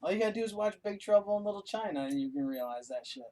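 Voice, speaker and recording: A man's voice: high voice, animated, racing, mellow, far from the mic. A laid-back man co-hosting a podcast in casual chat, answering mostly with short agreements. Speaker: podcast co-host.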